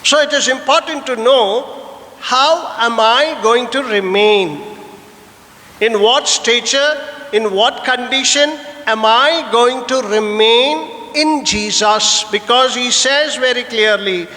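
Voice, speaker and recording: A high-voiced man preaches in earnest, asking his listeners question after question. His tone is bright and sharp. A long reverb trails behind him, as in a large church. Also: takes it slowly. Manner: earnest preaching with rhetorical questions and a personal anecdote. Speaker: priest. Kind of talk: Sunday homily.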